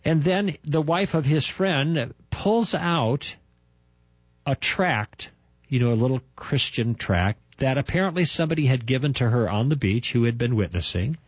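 An older man recounts a personal testimony, driving his points home with repetition and emphasis. His voice is husky, at an ordinary pitch for a man. The recording is dry and a little dull. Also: a little slow, dry recording. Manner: animated, emphatic storytelling with repetitions. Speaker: testimony speaker.

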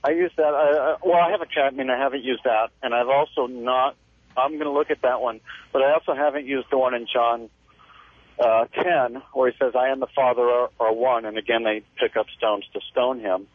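Male caller on a tinny phone line, husky, earnest and hesitant. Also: mid-range voice, steady tone, brisk, dry recording. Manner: hesitant, restarts, explains earnestly. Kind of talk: phone-in discussion.

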